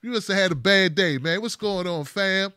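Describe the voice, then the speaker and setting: A man playing a loud backslapping buddy. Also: high voice, normal speed, clean tone, no room sound, clean studio sound. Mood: hearty welcoming. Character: friendly male buddy turning defensive.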